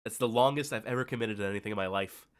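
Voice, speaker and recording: A man hosting a live stream, thanking his co-hosts in a rambling, heavily swearing way, tired and emotional, full of fillers and restarts. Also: fairly low pitch. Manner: heavy swearing, rambling, halting with many fillers. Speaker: host. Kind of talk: casual stream thank-you speech.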